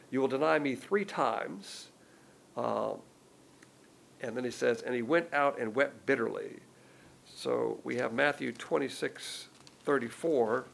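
Man, Bible teacher, gravelly voice, mid-range pitch, casual explanations, faint background noise. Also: low-quality recording. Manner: conversational, explains in plain everyday words; reads verses aloud with more force.

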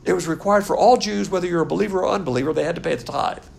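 A man's voice: high voice, racing, creaky. An older man teaching a Bible class as a pastor, blunt and scornful in manner. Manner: blunt, scornful, animated lecturing.

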